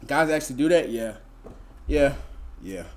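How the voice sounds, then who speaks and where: A man's voice: mid-range voice, animated, measured pace. A young man, telling a story to his live chat in a laid-back, slangy, rambling way full of fillers. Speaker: streamer.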